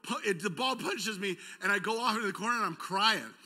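In a church auditorium, a male pastor tells a story in his sermon with a high, very bright, ringing voice that's also husky and fairly quick. He pokes fun at himself and acts out, with lots of animation, the shouts and cries of the people in the story.

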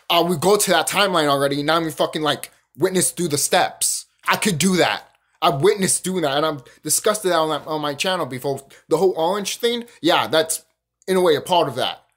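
A man's voice: a little high, a bit bright. A young man hosting his own channel, ranting emphatically and profanely in a casual spiritual monologue, often restarting his sentences. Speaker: YouTube channel host.

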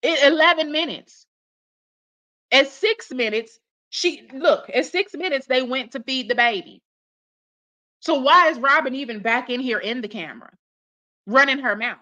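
A woman's voice: sits high, unhurried, long pauses, sharp tone. A woman giving profane reaction commentary, blunt and scolding, swearing heavily as she rants. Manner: mocks others in put-on voices.

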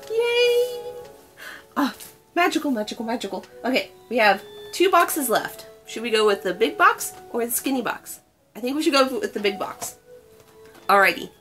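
A young woman talks her way through an unboxing with gushing, breathless delight, gasping at every reveal. Her voice sits a little high. Soft music plays faintly underneath. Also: lively intonation, moderate pace. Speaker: unboxing vlogger. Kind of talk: excited unboxing chat.

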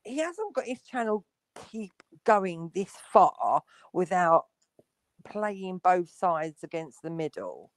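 Blunt, lively North London woman. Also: lowish voice, slow pace, no echo, studio quality. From London, England. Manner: blunt, swears freely, laughs a lot. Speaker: livestream panel guest. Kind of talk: casual live-stream chat.

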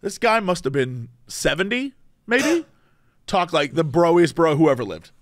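A podcast co-host tells a story in a loose, casual way, animated and full of restarts. His voice sits high for a man. It sounds dry and close, as if recorded on a studio mic. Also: measured pace, no room sound. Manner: animated, rambling, self-interrupting.

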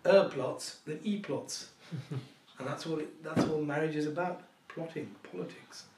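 A man's voice: high-pitched, a bit bright. A man giving a Quran lesson lecture, telling stories animatedly, often repeating himself and laughing. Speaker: Islamic scholar lecturer. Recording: echoey room, distant mic, faint noise.

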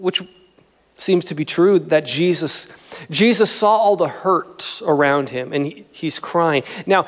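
A man's voice: a little high, unhurried, long reverb tail. A man preaching a sermon as pastor, in a conversational, joking style. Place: church sanctuary.

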